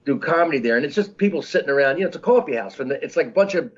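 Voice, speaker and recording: A man in his sixties telling stories as an interview guest, rambling and halting with many restarts. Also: on the high side, lively intonation. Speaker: comedian guest. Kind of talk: casual storytelling interview. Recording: dull lo-fi audio.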